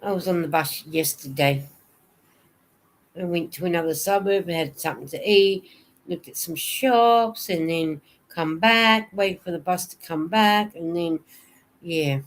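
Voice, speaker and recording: A woman's voice: fairly low pitch, a little slow. A woman hosting a casual livestream, chatting and answering viewer comments. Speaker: knitting vlogger hosting a livestream.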